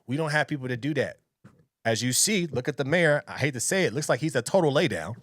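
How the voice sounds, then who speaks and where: A man's voice: medium pitch, animated, quick pace, a bit bright, no echo, clean studio sound. A man hosting his own reaction channel, giving blunt, opinionated commentary and often repeating himself. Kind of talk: casual commentary.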